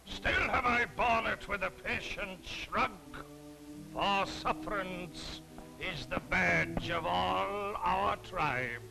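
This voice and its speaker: A man playing an aggrieved old male moneylender, declaiming slowly in a grand stage manner with sudden shouts. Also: high voice, creaky, music in the background, heavily acted, rough recording. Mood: bitter, declaiming.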